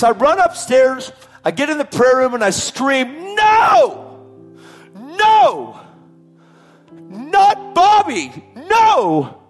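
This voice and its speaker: A man giving an emotional personal testimony, a dramatic storyteller who drops to hushed tones and then rises to shouting. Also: very high-pitched. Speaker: testimony speaker.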